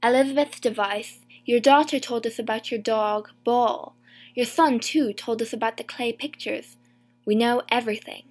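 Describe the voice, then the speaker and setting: A woman's voice: fairly high pitch, normal speed, close to an everyday voice. A woman doing a cold, stern old judge. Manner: cold and commanding. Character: stern, powerful older male judge. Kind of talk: audiobook reading.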